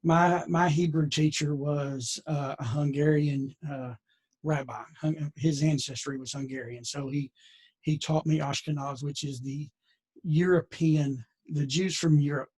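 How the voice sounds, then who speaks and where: A man's voice: a little high, steady tone, measured pace, darkish tone, breathy edge. A man leading a conversational Bible lesson, folksy and digressive with many restarts. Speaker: Bible teacher.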